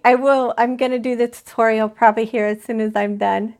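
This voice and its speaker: A woman's voice: a little high, steady tone, a little fast, darkish tone. A woman hosting a crochet live stream, chatting casually and rambling as she talks to viewers in the chat. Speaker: crochet channel host.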